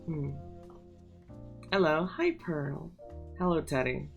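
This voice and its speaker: A man's voice: medium pitch, measured pace, creaky, a bit bright, faint music behind. A man streaming live, chatting casually and irreverently while reacting to clips on a studio microphone. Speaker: livestreamer.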